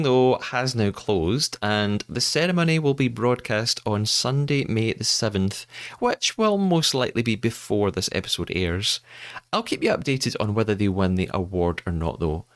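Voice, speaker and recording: A man hosting a podcast, presenting a scripted segment in an upbeat, animated way. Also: mid-range voice, no room sound. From United Kingdom. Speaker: podcast host.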